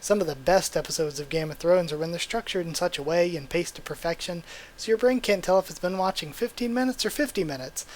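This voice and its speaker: Young male reaction host, slightly high voice, reads aloud with eager outbursts. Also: fast talker. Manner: reads aloud, breaks in with excited exclamations. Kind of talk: live reading and reaction.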